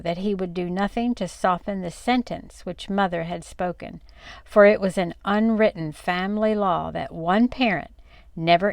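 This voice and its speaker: An older woman reading a storybook aloud expressively, dropping low and soft on the narration tags. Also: creaky, no room sound.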